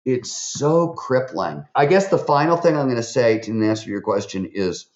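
A man, a podcast guest, tells stories in an animated way, with lots of fillers and restarts. His voice jumps up when he quotes people. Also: medium pitch, normal speed. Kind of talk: animated interview storytelling. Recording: roomy, slightly dull recording.

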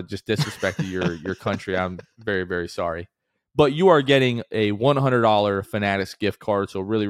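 A man co-hosting a casual sports podcast, his voice sitting on the lower side. He talks in an upbeat, rambling way, full of fillers and restarts. The recording is dry and close, with no room sound. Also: smooth, dry recording. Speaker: podcast co-host.

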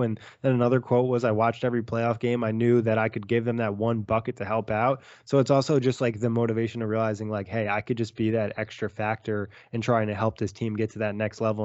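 A man's voice: medium pitch, a little mellow, no room sound, muffled recording. A man co-hosting a casual basketball podcast, loose and chatty, peppering his talk with "like". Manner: quick, loose, full of "like". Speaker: podcast co-host. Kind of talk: casual sports chat.

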